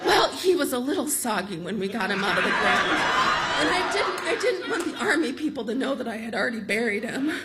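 A woman quoting her elderly grandmother in a blunt, deadpan, matter-of-fact way while telling a story. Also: on the high side, brisk, a loud crowd.

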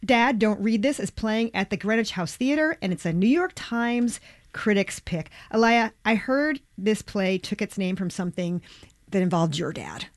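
Female interviewer, arts program, measured and composed, dry close sound. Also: medium pitch, expressive, dry recording. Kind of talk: arts interview with scripted intro.

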